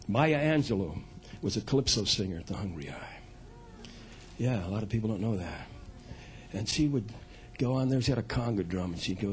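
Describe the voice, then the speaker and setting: A man's voice: lowish voice, lively intonation, fast talker, a little mellow. Chatty man in his 60s, storytelling onstage. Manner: loose, chatty, laughing at his own stories. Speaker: folk singer and storyteller. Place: cabaret club stage.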